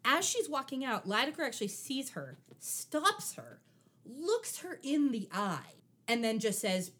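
Wry, animated woman recapping a show. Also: high voice, unhurried, breathy edge. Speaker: podcast co-host. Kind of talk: casual chat recapping a TV episode.

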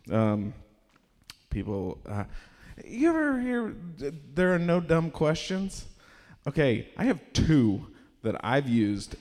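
Brief: male stand-up comic with an awkward, stammering delivery, mid-pitched voice, live in a reverberant room. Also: a little mellow. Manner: awkward, halting delivery with many fillers; shrieking impressions of strangers. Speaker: stand-up comedian. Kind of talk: stand-up set. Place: small performance space with a live audience.

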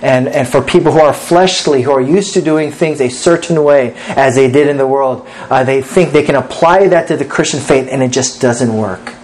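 A man's voice: medium pitch, moderate pace, hardly any pauses, darkish tone, rough recording. A man preaching an earnest sermon as pastor, reading scripture aloud and pressing his points with rising emphasis.

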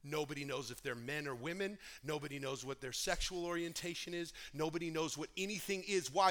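Pastor guy preaching hard, high voice, goes quiet then loud, talks right at the church. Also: normal speed, hardly any pauses. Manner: impassioned, swings between quiet and loud; addresses the congregation directly. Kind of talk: sermon.

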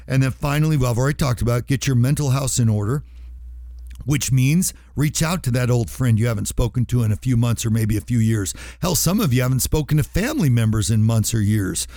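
An earnest male radio host talks straight to his listeners, pressing his points home and repeating them for weight. His voice sits at a middle pitch and sounds dry and close to the mic, with no room around it. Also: expressive, a little fast, warm tone, dry recording. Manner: earnest, emphatic, repeats for stress. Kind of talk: heartfelt motivational radio talk.

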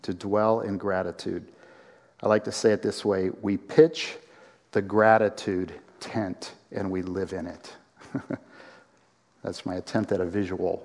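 A man preaching a sermon to a congregation, animated, with acted-out quotes and rising emphasis. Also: lowish voice, creaky, big-room sound. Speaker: pastor.

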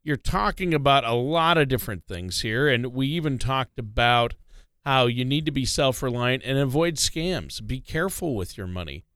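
A man co-hosting a talk show, speaking in a measured way with frequent "uh" fillers. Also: medium pitch, lively intonation, fairly bright tone, clear, resonant tone, no echo, studio quality. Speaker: show co-host. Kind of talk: casual radio chat.

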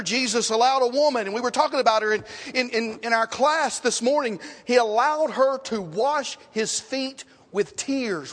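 High-voiced man preaching in a reverberant hall. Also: moderate pace, few pauses. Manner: dramatic preaching, swinging from loud rhetorical questions to hushed lines. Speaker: pastor. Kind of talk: sermon. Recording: long reverb.

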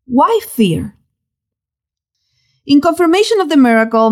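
A woman giving expressive Bible teaching, telling the story dramatically and stressing key words. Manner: dramatic, animated storytelling with sudden pitch swings.

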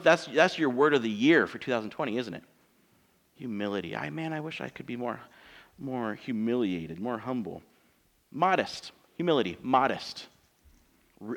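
A man in his thirties, a pastor preaching a sermon in church in a conversational, joking way, asking his congregation rhetorical questions. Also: mid-range voice.

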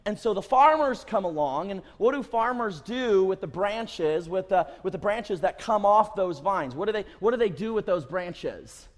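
A man's voice: high voice, animated, moderate pace, few pauses. A man preaching a sermon in a church, emphatic and repetitive, stressing his points again and again. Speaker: pastor. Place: church sanctuary. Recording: long church reverb.

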